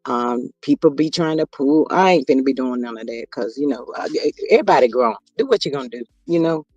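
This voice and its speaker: A man's voice: medium pitch, expressive, a little fast, darkish tone, dry recording, muffled recording. A man hosting a casual gossip livestream, chatting to viewers and reading their comments aloud. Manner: chatty, reads viewer comments aloud, drawling asides to chat. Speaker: livestream host.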